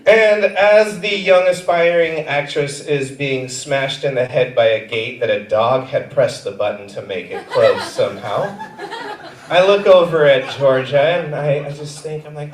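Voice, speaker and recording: A man in his thirties doing a stand-up set, self-mocking and often dropping into quiet asides. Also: fairly high pitch, a little slow. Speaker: stand-up comedian. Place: comedy theater stage. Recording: echoey theater, far from mic.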